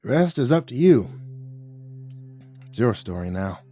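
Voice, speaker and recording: This is a gruff old rural uncle, put on by a male storyteller, hard-edged and tired of life. He drawls slow and low, his grammar rough and countrified, with a weight of old regret. A faint music bed runs underneath. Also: very animated, warm tone. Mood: grim.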